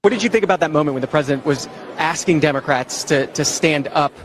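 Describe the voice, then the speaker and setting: A male reporter asking a question in a brisk, formal way. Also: on the high side, slight background noise. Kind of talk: news interview question.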